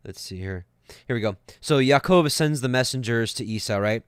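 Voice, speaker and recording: A man's voice: medium pitch, normal speed, clear, resonant tone, dry recording, clean studio sound. A man teaching scripture casually, rambling with many fillers and restarts and chuckling now and then. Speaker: Bible teacher.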